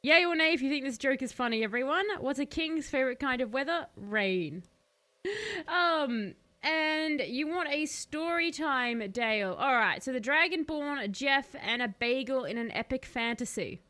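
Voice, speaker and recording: A woman's voice: high voice, lively intonation, normal speed, pushed and bright. A woman streaming a video game, chatting casually with her viewers and laughing often. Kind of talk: casual gaming live-stream commentary.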